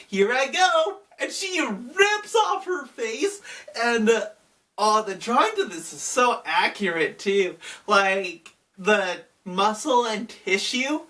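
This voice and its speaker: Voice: medium pitch, expressive, slow, bright, forceful tone, distant mic. A video reviewer giving a casual, chatty recap of a horror episode, with plenty of fillers.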